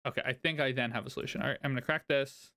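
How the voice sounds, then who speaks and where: A man casually narrating his own card game play, thinking aloud, counting out loud and laughing often. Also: medium pitch, steady tone, rapid-fire. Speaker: card game content creator. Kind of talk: casual gameplay commentary.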